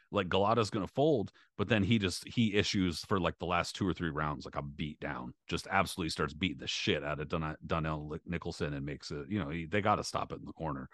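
A male co-host on a boxing podcast chats casually and loosely, swearing a lot and using many filler words. His deep voice has a fairly bright tone, recorded at studio quality with no room sound.

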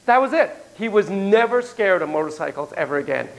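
Animated man telling stories to a class. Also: sits high, brisk, gravelly, poor audio. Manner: animated, playful, acts out sound effects. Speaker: lecturer. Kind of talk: storytelling lecture to a class.

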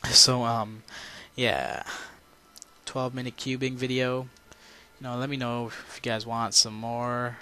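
Tired, rambling young-sounding man, flat delivery. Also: mid-range voice, takes it slowly, long pauses, clean tone. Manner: rambling, full of "you know" and "um". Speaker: gaming channel host. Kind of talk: casual talk to viewers.

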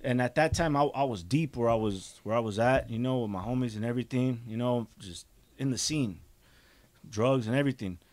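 A man's voice: medium pitch, brisk, darkish tone. A young adult man, a podcast guest, casually telling his life story in street slang with frequent restarts and bits of Spanish.

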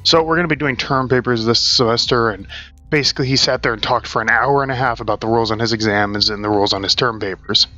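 A man's voice: mid-range voice, fast talker, pushed and bright, highs cut off, faint music behind. A young adult man casually chatting and swearing while he plays a game at his desk at home. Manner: rambling and profane, chatting while playing. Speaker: gaming channel host. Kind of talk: casual let's-play commentary.

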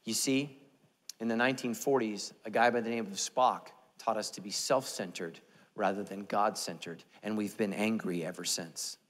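A man's voice: lowish voice, steady tone, moderate pace. A man preaching a sermon as pastor, in a humorous, self-deprecating, conversational way. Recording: echoey church hall.

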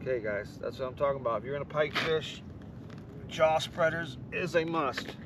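A man, excitedly talking to viewers while ice fishing on a frozen lake. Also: on the high side, moderate pace. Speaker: fishing vlogger. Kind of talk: casual outdoor commentary. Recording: outdoor wind noise, distant mic.

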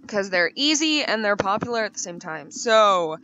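Bright, chatty young woman gamer. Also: moderate pace, muffled recording, a little hiss or hum. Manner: playful, chatty, jumps to high excited bursts. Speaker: gaming YouTuber. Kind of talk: casual gameplay commentary.

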